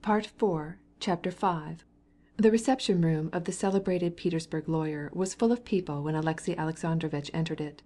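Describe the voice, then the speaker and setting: A woman reads a classic novel aloud in a measured, even way. Her voice sits low and sounds mellow and relaxed. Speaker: audiobook narrator. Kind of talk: scripted narration of a classic novel.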